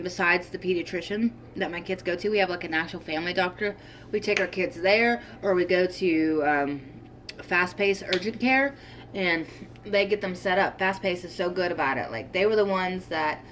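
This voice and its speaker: A young woman chatting casually in a vlog, her voice sitting a little low for a woman. She rambles, circles back and fills gaps with ums and likes. A faint background noise runs under the recording. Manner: chatty, rambling, with many fillers and restarts. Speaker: vlogger.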